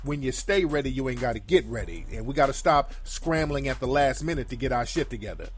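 A man's voice: mid-range voice, lively intonation, quick pace, soft background music. A man hosting a call-in livestream show, delivering blunt, profane, emphatic commentary that repeats its key phrases for force.

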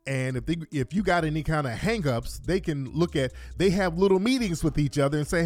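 A man's voice: a little high, sing-song, normal speed, a little mellow, faint music behind. A man delivering a blunt, profane ranting monologue, repeating his points for emphasis. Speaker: commentator.

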